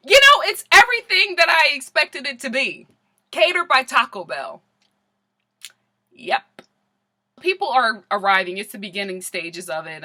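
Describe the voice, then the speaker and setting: A woman's voice: a little high, pushed and bright. A young woman giving a sassy, comedic recap of a reality show, laughing often and repeating her punchlines. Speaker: vlogger reviewing a reality show.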